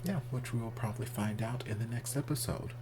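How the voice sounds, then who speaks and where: A man hosting a reaction video talks casually, frankly and expressively. He throws in a curse word here and there in an otherwise easygoing, mid-pitched voice. A faint hum sits behind his voice. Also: a little fast. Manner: candid and expressive, swears casually.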